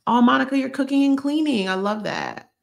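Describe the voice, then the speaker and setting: A woman's voice: sits high, creaky. A woman, chatting casually on a live stream and reading out viewer comments in a bubbly, slangy way. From Georgia, US. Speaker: lifestyle YouTuber hosting a live stream.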